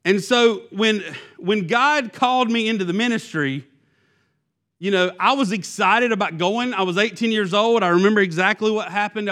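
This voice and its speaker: A man's voice: high voice, fairly bright tone. A man who is a youth pastor, giving a sermon in a conversational, self-deprecating way, with many fillers and restarts.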